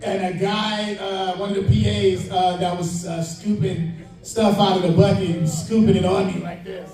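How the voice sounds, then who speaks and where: A man from Chicago, a panel guest actor, telling stories at a comic con Q&A, animated and laughing, with loud shout-outs. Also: sits high, moderate pace. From Chicago, United States. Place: large convention hall. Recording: echoey hall, taped from far off.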